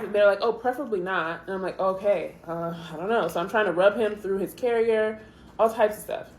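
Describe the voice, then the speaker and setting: A young woman casually telling a travel story to camera, chatty and animated, acting out what people said. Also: medium pitch, reverberant, slight background noise. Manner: chatty, animated retelling with quoted asides. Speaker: vlogger.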